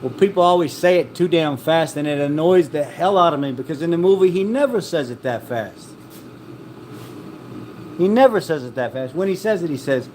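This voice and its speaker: Rambling, joking man with a fairly high voice. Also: lively intonation, normal speed, darkish tone, a little hiss or hum. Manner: rambling, joking, laughs at own stories. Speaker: vlogger. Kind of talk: casual chat.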